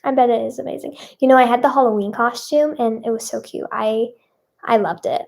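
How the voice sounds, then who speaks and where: A woman's voice: a little high, a little fast, vocal fry, darkish tone, a little hiss or hum. A young woman singer answering fan questions in casual chat, bubbly and self-conscious, with many fillers.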